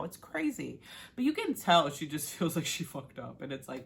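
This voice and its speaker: A woman's voice: sits low, very animated, normal speed, vocal fry, slight background noise. A young woman recapping a reality show in a blunt, sassy, profane way, with Spanish as her first language. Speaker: TV show reviewer. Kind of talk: casual recap vlog.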